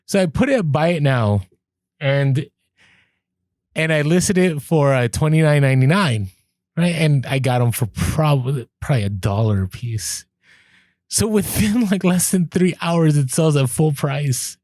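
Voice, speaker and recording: Lively man telling a thrifting story. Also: on the high side, a little slow, dry recording, clean studio sound. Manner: animated, laughs through stories, acts out quoted lines. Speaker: podcast co-host. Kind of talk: casual storytelling chat.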